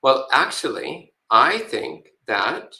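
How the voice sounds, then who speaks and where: A male panel moderator reading audience questions aloud in a measured way. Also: mid-range voice, big pitch swings, creaky, bright, forceful tone, reverberant.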